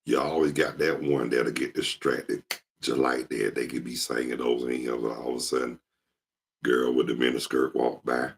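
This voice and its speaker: A man hosting his show, telling casual stories in an animated way and jumping into impressions. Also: a bass voice, moderate pace, gravelly, husky. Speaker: show host. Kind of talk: casual storytelling monologue.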